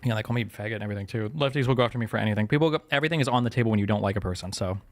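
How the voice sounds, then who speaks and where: A man chatting on a livestream, talking in a fast, rambling way, with a slight lisp on his s sounds. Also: lowish voice. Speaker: streamer and commentator. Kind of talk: casual chat on a livestream.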